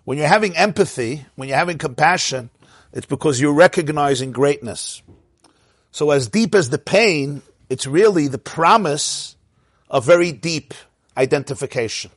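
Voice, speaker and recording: A man's voice: a little high, husky, no room sound, clean studio sound. A man teaching a Torah class, telling a parable in a storytelling way with Hebrew and Yiddish terms mixed in.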